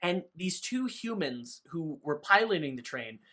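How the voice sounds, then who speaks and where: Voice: medium pitch, sing-song, unhurried, sharp tone. A podcast co-host recapping a book in casual chat, loose and profane, full of "like" fillers.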